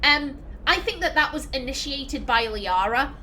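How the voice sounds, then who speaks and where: A woman hosting a let's play, musing aloud in chatty, reflective commentary. Her voice is high and bright, with a faint hum underneath. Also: lively intonation, unhurried. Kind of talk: casual game commentary.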